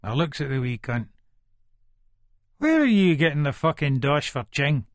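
A man's voice: on the high side, big pitch swings, moderate pace, no echo, studio quality. An actor with an Edinburgh Scots accent narrating as a volatile, foul-mouthed Leith man in middle age, in a full-cast audiobook. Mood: menacing. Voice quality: coarse, swearing, menacing. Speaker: first-person narrator.

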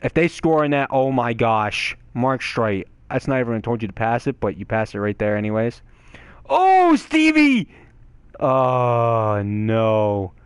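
A young man giving excitable gameplay commentary, swearing and yelling at the game. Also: medium pitch, unhurried, few pauses, clear, resonant tone, no echo. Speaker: gaming channel host.

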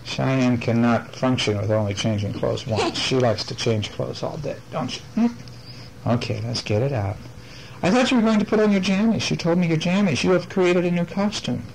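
A father reading a picture book aloud to his child at home, playful and animated, with chatty asides. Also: mid-range voice, normal speed, creaky, slight background noise, low-quality recording. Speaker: father reading a bedtime story.

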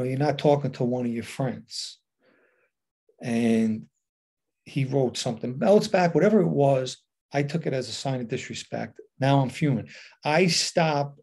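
A man's voice: mid-range voice, vocal fry. A middle-aged man, telling a personal story in a casual monologue and acting out the quoted dialogue. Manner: animated retelling with quoted dialogue.

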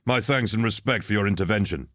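A man's voice: on the low side, fairly bright tone, no room sound, clean studio sound, natural voice. A man voicing a formal, dutiful soldier captain. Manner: formal, measured.

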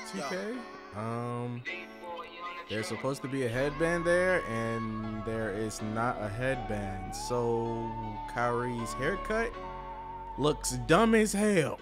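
A man giving casual gameplay commentary, loud and excitable, trash-talking and swinging from mumbles to yells. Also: mid-range voice. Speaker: gaming streamer.

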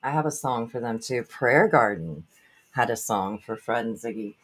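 A woman's voice: very deep voice, expressive, normal speed, husky. Giggly, breathless woman livestream host. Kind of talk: casual livestream chat.

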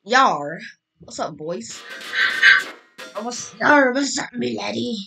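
A woman voicing a broken male pirate animatronic in a raspy put-on pirate voice, growling out her lines. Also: on the high side, expressive, takes it slowly, sharp tone, soft background music, exaggerated voice. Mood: gruff cheer. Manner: growling "yar" pirate talk.

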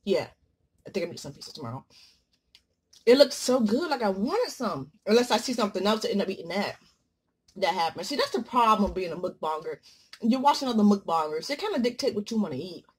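A woman vlogger talking casually while she eats, joking and swinging from loud exclamations to low murmurs. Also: expressive, a little fast, breathy edge. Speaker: mukbang vlogger. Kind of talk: casual chat while eating.

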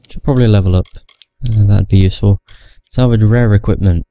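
A man's voice: on the low side, steady tone, fairly quick, dull audio, a little hiss or hum. A man casually commentating his gameplay, rambling and swearing, stumbling over words, with hiccups. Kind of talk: casual let's play commentary.

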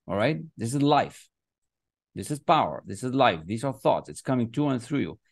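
In a clean, dry studio recording, a man with a mid-range, sing-song, creaky voice runs an online motivational class at normal speed, writing on screen with his mouse. The success coach is emphatic and repetitive, chanting affirmations again and again.

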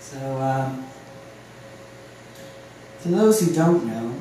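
A poet from Ohio reading poems aloud at a live open mic, with halting, filler-laden chat between poems. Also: mid-range voice, animated, dark tone, a little hiss or hum. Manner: reads poems, chats with fillers between them. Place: live venue room. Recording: very echoey room from a distance.

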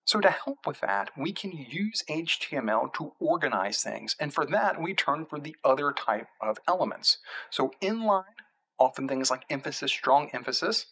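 A man's voice: on the high side, animated, normal speed, a bit bright, husky, low-quality recording. A middle-aged man teaching a screencast tutorial, walking through code in a methodical way and repeating terms as he points to them. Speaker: instructor.

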